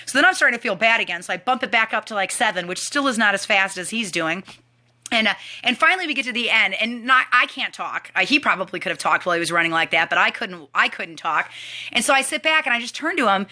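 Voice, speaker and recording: A young woman with a mid-range voice talks fast as she hosts a live team training stream. She chats animatedly and casually with her viewers.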